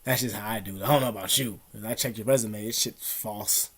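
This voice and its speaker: A man's voice: lowish voice, fairly even intonation, fast talker, fairly bright tone, husky. A young man giving blunt, profane advice to camera at home in casual street slang, calling the listener "dog" and "man". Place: at home, dogs nearby.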